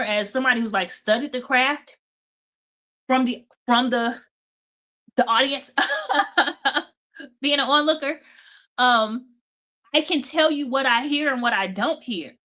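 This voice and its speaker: A woman's voice: high voice, pushed and bright. A woman hosting a casual devotional talk. She sounds tired and keeps checking in with her listeners by asking "okay?" and "right?". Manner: chatty, repeats "okay?" and "right?". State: tired, yawning. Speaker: host of a devotional talk show.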